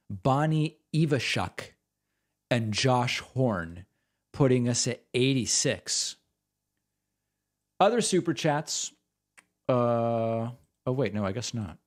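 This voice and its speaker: A man hosting a live stream, chatting casually and rambling as he reads out supporter names. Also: mid-range voice. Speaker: host. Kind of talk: casual livestream chat.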